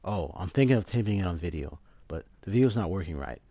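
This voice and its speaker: A man voicing a doting middle-aged male professor in a quick, affectionate, low manner. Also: lively intonation, mellow, no echo.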